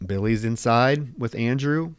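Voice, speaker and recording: A man co-hosting a podcast, walking through a film plot in a smooth, resonant voice. The sound is dry and close, with no room echo, and his tone runs blunt and heated. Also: mid-range voice, a little slow. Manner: recapping scenes, blunt and heated. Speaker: podcast co-host. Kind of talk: casual film discussion.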